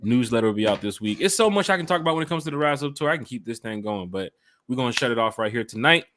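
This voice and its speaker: A man's voice: medium pitch, animated, racing, fairly bright tone, a little hiss or hum. Upbeat slangy man hosting a fan podcast. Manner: loose and upbeat, slangy, talks straight to listeners. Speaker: podcast host and fan club organizer. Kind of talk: casual chat.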